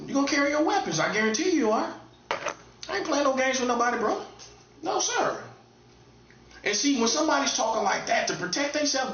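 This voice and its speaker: A man speaking as a self-styled prophet in a casual, streetwise monologue. He is blunt and emphatic, repeats his phrases and swings between loud high bursts and low mutters. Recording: echoey room, dull lo-fi sound.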